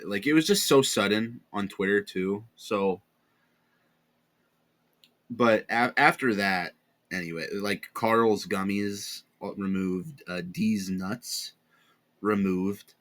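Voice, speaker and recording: A tired young man with an American accent rambles through a casual commentary, sarcastic and quick to correct himself. His voice sits a little low but sounds bright and forceful. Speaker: commentary channel host.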